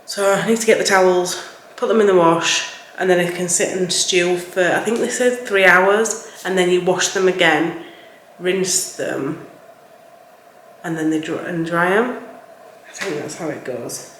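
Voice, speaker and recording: A woman's voice: on the low side, measured pace. A young woman with a broad Yorkshire accent talks in a loose, rambling way, full of fillers. Her voice bounces around a hard, echoey kitchen. A faint hiss sits behind it. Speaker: cleaning vlogger. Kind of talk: casual vlog chat. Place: home kitchen. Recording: echoey room with faint background noise.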